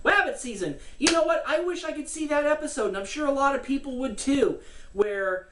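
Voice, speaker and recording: A woman's voice: high-pitched, a little fast. Lady ranting about politics, swears a lot, sounds far from the mic, little background hiss. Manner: sarcastic, cursing, laughing. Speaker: political commentary host. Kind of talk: casual ranting commentary. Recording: roomy echo, from the mic, faint noise.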